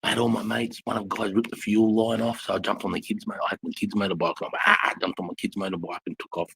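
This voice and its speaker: A man's voice: on the low side, flat delivery, fast, gravelly, a bit bright, breathy edge, no echo, rough recording. A man, a former army instructor, telling rowdy stories in casual live chat, blunt and full of swearing. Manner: blunt, swears constantly, rambling war stories.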